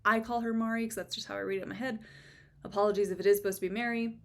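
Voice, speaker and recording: A woman's voice: mid-range voice, steady tone, racing. A young woman giving a casual, chatty book review, with sarcastic asides and frequent fillers.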